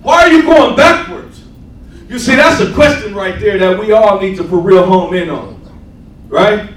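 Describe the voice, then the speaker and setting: A man's voice: sits high, normal speed. A man preaching a sermon and telling his own testimony, acting out scenes and laughing as he goes. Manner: animated storyteller, acts out scenes, laughs often. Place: church sanctuary. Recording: echoey church, mic from a distance, faint room noise.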